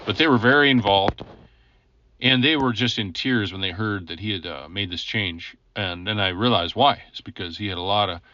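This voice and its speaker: A man's voice: lowish voice, moderate pace, sharp tone, highs cut off. A man, a ministry coach, telling a personal conversion story in an earnest, chatty teaching style with frequent chuckles and asides to the listener.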